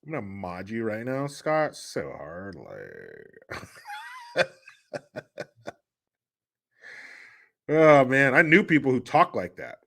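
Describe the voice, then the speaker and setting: A man's voice: medium pitch, huge pitch swings, drawn-out words, gravelly, pauses often, fairly bright tone. A man hosting a livestream, telling family stories in a joking, crude way and laughing often. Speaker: host. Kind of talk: casual livestream talk.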